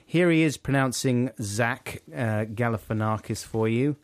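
A man's voice: medium pitch, a little slow. A man co-hosting a podcast in casual chat, wry and self-mocking. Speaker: podcast co-host.

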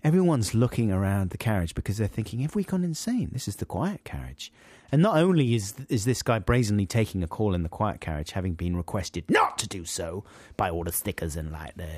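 Animated man telling a comic story. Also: fairly low pitch, no echo. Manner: animated, acts out characters. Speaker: podcast co-host telling a story.

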